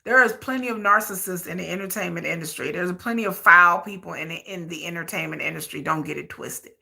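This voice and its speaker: A woman's voice: fairly low pitch, fast talker, vocal fry, sharp tone. A woman hosting a commentary channel, delivering blunt, emphatic opinions in a repetitive style.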